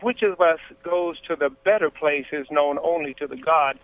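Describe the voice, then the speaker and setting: A man's voice: on the high side, normal speed, hardly any pauses, dry recording. A man calling in to a radio show on a phone line that breaks up, asking a question hesitantly. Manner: hesitant, searching for words. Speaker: caller.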